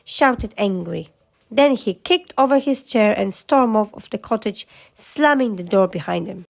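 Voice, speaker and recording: A woman narrating a children's story in a lively, expressive way. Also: medium pitch, unhurried, creaky.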